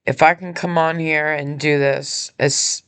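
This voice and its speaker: Injured woman host, emotional and earnest, halting delivery, in a hospital room. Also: low voice, fairly even intonation, fairly bright tone, clear, resonant tone. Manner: earnest, halting, with many pauses and restarts. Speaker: podcast host and nonprofit founder. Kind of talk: personal appeal monologue.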